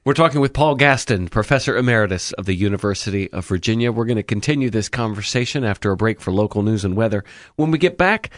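A man hosting a radio talk show, announcing guests and breaks in a smooth scripted way. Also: fairly low pitch, animated, fast, dry recording, clean studio sound. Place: radio studio.

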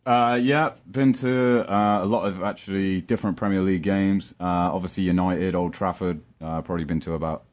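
A man's voice: deep voice, steady tone, brisk, few pauses, darkish tone. A man in a casual chat, hesitant with many fillers.

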